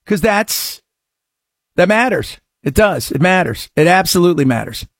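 A high-voiced, middle-aged man hosting talk radio, his pitch bouncing wildly as he lurches from low sarcastic asides to excited bursts. He sounds close and dry, with no room around him. His delivery is biting and theatrical throughout. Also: a little fast, dry recording. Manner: sarcastic, animated, swings between mutters and outbursts. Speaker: radio talk-show host. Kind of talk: opinionated talk radio monologue.

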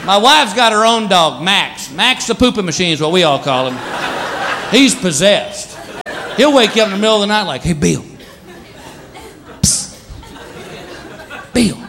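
A man's voice: high-pitched, sing-song, normal speed. A male stand-up comedian performing a routine on a club stage, acting out his pets in silly voices. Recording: live club recording, crowd and noise.

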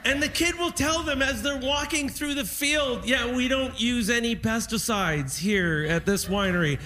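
A man's voice: extremely high pitch, moderate pace. A man from Canada doing a stand-up comedy set with enthusiastic, mocking observational humor. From Niagara-on-the-Lake, Canada. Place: live comedy stage. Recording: live stage recording with crowd noise.

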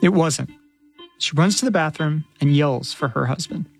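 A woman reporter narrating a radio news story in a measured, clear storytelling voice. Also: low-pitched, a little mellow, faint music behind.

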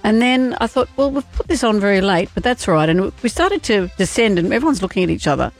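A woman's voice: medium pitch, sing-song, quick pace, faint music behind. A woman co-hosting a drive-time radio show, running a quiz and teasing callers in chatty banter. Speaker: radio co-host.

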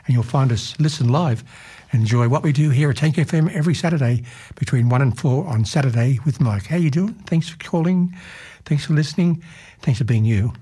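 A middle-aged man with an Australian accent, hosting a community radio show with chatty, rambling shout-outs to listeners, his voice a bit husky as he loses it. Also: mid-range voice. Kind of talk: casual radio greetings.

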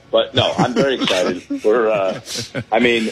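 A man's voice: medium pitch, moderate pace, crowd noise. A man, a comedian calling in from a balcony, chatting in a rambling, self-deprecating way with lots of fillers over a phone line. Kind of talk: casual chat. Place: hotel balcony.

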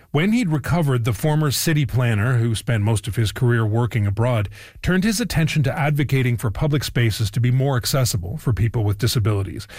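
A man presenting a news story in a measured, scripted delivery. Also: mid-range voice, a little mellow, dry recording, clean studio sound.

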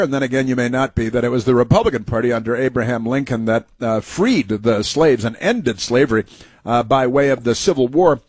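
A man's voice: medium pitch, dry recording. A man hosting a talk show, giving heated, mocking opinion commentary full of fillers and restarts.

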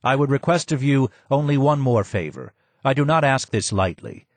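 A man's voice: mid-range voice, big pitch swings, moderate pace, no echo. A man voicing a courteous, formal male guide who speaks politely and earnestly.

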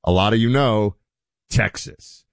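A man hosting a talk show, chatting in an animated, conversational way with plenty of asides. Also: fairly low pitch, a little slow, clean tone, no room sound. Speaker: show host. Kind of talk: opinion talk show commentary.

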